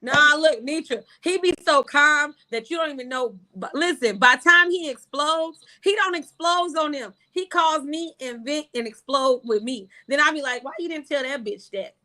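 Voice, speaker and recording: A young woman hosts a casual talk show in a high, bright voice. She is brash and profane and tells her stories with animated swings in her delivery. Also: moderate pace, hardly any pauses. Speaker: podcast host. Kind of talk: casual chat.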